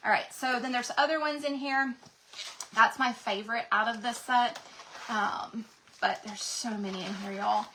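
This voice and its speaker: A woman's voice: a little high, steady tone, measured pace, fairly bright tone, slight background noise, low-quality recording. A woman hosting a craft livestream, chatting and gushing to viewers, her voice cracking from a sinus infection. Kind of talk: casual livestream chat to viewers.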